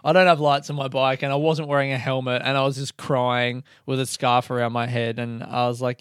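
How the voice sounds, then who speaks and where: A young man talks through a story on his own podcast, rambling and cursing freely as he mocks himself. His voice is smooth and clear at a middling pitch. The sound is close and dry. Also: fairly even intonation, fairly quick, a bit bright, dry recording. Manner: rambling, swears freely, self-mocking. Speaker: podcast host. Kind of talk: casual storytelling monologue.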